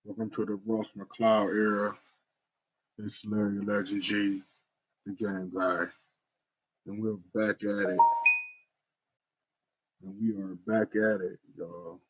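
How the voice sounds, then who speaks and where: A man's voice: fairly low pitch, flat delivery, slow, pauses often, rough recording. A man giving casual, slangy gameplay commentary and talking straight to his viewers as a gaming YouTuber. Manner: laid-back, slangy, talks straight to viewers.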